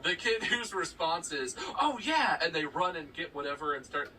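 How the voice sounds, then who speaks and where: A man co-hosting a podcast in casual chat, jokey and quick to riff. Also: on the high side, lively intonation, bright, forceful tone, distant mic, slight background noise, rough recording. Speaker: podcast co-host.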